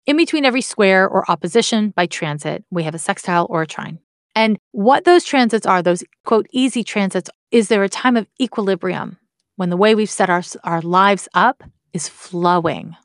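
Her voice is mid-range and her pace moderate as this astrology teacher explains things casually and openly, dropping occasional swear words and wry asides. The sound is clean studio audio with no echo.

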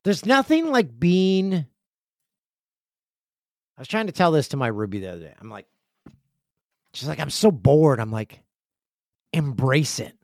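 Podcast host, male, chatty and joking, lively higher voice. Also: normal speed, pauses often, no echo, studio quality. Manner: chatty, jokey, acts out friends in loud high voices. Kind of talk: casual solo podcast chat. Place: home studio with stairs nearby.

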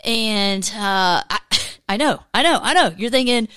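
A woman's voice: a little high, unhurried, smooth, no room sound. Woman, late forties, podcast host, chatty, laughing, dry close sound. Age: 40s. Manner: chatty, laughs often, animated storytelling. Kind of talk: casual faith podcast chat.

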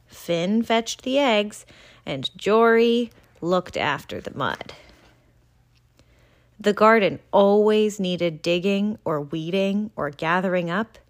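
A woman reading a children's picture book aloud in an expressive storytelling voice. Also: lowish voice. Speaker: reader.

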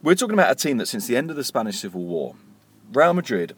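A man cohosting a casual podcast who tells animated stories and often repeats words as he starts a thought. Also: mid-range voice, fast talker, slightly rough, dry recording. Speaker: podcast co-host and author.

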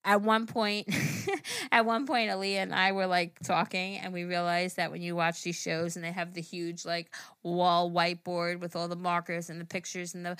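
A woman's voice: fairly low pitch, fairly even intonation, normal speed, fairly bright tone, clean tone, no room sound. A young woman co-hosting a podcast, chatting in a laid-back way about things she has tried. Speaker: podcast co-host. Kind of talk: casual chat.

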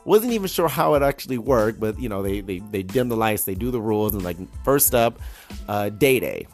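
A man's voice: on the low side, animated, a little fast, faint music behind. A young adult man hosting a podcast, telling a story casually, laughing often and restarting his sentences. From United States. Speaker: podcast host.

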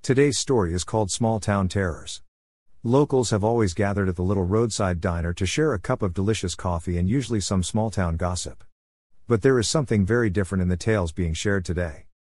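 A man with a deep voice reads a scripted podcast introduction in a plain, even way. The recording is dry and close, with no room sound around him. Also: brisk, no echo. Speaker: podcast host.

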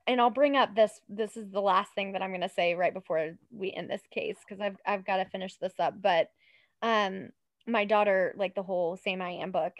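A woman's voice: mid-range voice, steady tone, moderate pace, dry recording. A woman in her thirties co-hosting a casual true-crime podcast, chatty and emphatic, often drifting onto tangents. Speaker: podcast co-host.

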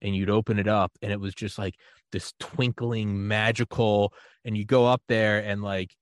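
A podcast host with a lowish voice tells stories at normal speed in a casual chat, animatedly acting out the voices of the people he quotes. The recording is dry and studio quality.

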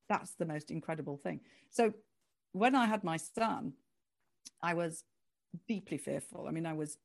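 A woman's voice: on the low side, creaky. A woman, talking animatedly as an author guest in an interview. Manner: animated, expressive, laughs easily. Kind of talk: conversational interview.

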